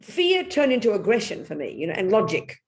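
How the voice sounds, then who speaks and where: Animated older English woman teaching. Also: mid-range voice, a little fast. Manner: blunt, animated storytelling with sudden loud outbursts. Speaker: Buddhist nun teacher. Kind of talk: Dharma talk.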